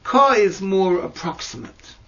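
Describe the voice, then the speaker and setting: A man teaching mystical texts in a slow lesson over a video call, hesitant and searching for words with fillers and restarts. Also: big pitch swings, vocal fry, bright, forceful tone. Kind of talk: slow explanatory lesson with many pauses. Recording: dull low-fi audio with faint noise.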